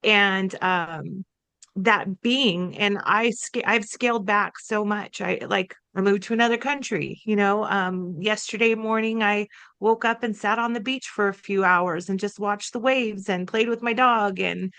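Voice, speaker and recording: A woman co-hosting a podcast, telling a personal story in a chatty, animated way and acting out quotes from herself and others. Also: medium pitch, unhurried, clean tone, no room sound. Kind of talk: casual conversational storytelling.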